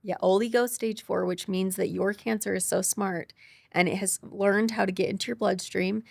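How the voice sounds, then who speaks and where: A woman's voice: medium pitch, steady tone, gravelly, no echo. A young woman, a podcast guest, telling her cancer story with emotion and quoting people as she goes. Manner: quick, tearful retelling with quoted dialogue.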